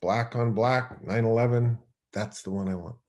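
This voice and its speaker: Rambling, animated male storyteller. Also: medium pitch, normal speed. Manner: animated, acts out his own past thoughts aloud; loose and rambling, heavy on fillers. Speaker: podcast guest. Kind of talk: conversational storytelling.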